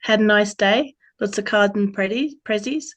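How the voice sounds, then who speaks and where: A woman's voice: medium pitch, normal speed, voice pushed up, natural voice. A woman voicing a cheerful young Australian woman lifeguard, using a put-on Australian accent in a friendly, upbeat way. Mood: breezy.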